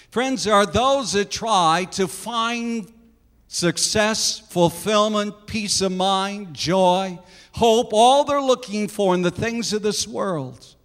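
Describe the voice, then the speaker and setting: Male preacher, high voice, earnest storyteller, long hall reverb. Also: slow, fairly bright tone, clear, resonant tone. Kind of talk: sermon illustration storytelling.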